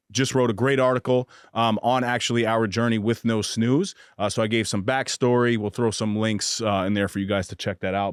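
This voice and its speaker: A young man hosts a podcast from a booth, talking casually and giving eager shout-outs with lots of "um"s and restarts. His voice sits in a middle pitch, and the sound is dry and close. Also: clear, resonant tone, no echo. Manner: upbeat, hyped shout-outs, frequent fillers and restarts. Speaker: podcast host.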